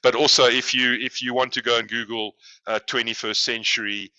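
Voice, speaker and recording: A man from South Africa speaking as a guest consultant on a video call, measured and repeating words as he thinks. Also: mid-range voice, level tone, pushed and bright, dry recording, dull audio.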